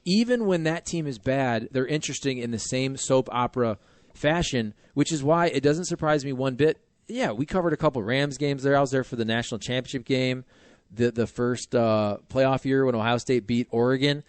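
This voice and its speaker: A man hosting a sports talk radio show, chatting casually with animated, joking asides. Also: medium pitch, normal speed, no room sound.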